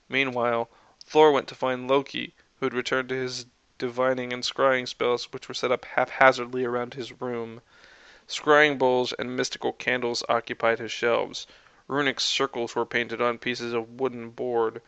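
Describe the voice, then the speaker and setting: A man narrating a fanfiction story aloud in an even, unhurried storytelling manner. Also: medium pitch, clean tone, no room sound, poor audio. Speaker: fanfiction reader.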